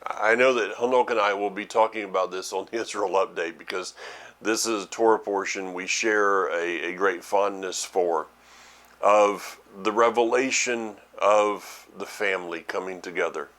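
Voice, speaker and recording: A middle-aged man teaching a sermon to his ministry's followers, often halting and repeating words as he thinks aloud. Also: fairly low pitch, fairly bright tone.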